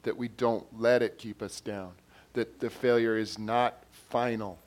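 A man preaching a sermon in an earnest way, repeating his phrases and growing louder when he reads quotes and scripture. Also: lowish voice, fairly even intonation, unhurried.

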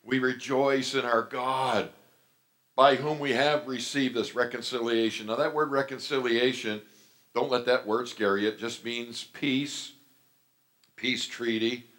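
An older man preaching a sermon, telling his own story with fervent, sudden loud outbursts. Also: fairly low pitch. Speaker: pastor.

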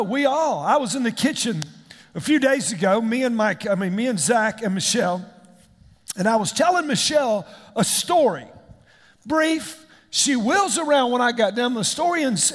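A middle-aged man, preaching a sermon as a pastor, animated and calling out questions to the congregation. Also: very high voice, normal speed, big-room sound.

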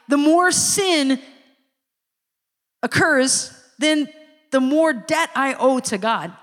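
A woman giving a sermon-style personal testimony, a lively storyteller who acts out the people she quotes. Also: extremely high pitch. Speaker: speaker giving a church testimony. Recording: long reverb of a large hall.

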